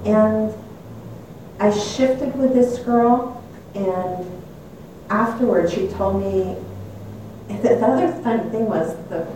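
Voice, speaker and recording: A woman's voice: mid-range voice, takes it slowly, mellow, slight background noise. An older woman telling a personal story in a reflective, candid way, often laughing at herself. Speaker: speaker sharing a personal story. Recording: echoey room, mic at a distance.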